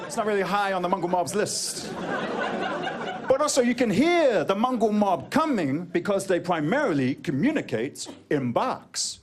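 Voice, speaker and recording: Lively New Zealand man doing stand-up. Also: sits high, normal speed. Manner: animated, jokey storytelling with put-on voices. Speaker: stand-up comedian. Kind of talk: stand-up comedy set. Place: comedy venue stage before a live audience. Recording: crowd laughter and background noise on a live recording. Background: audience laughter.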